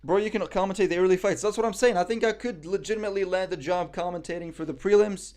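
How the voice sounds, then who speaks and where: A man's voice: sits high, fast, a little mellow. A young man from Morocco chatting casually on a live stream, reading the chat and making self-mocking jokes. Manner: joking, self-mocking banter.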